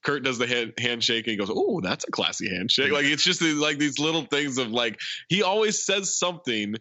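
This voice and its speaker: A podcast co-host with a medium-pitched voice speaks at normal speed, captured in a dry, lo-fi recording. In a casual movie recap, he animatedly retells a film's scenes, quoting lines often and adding asides.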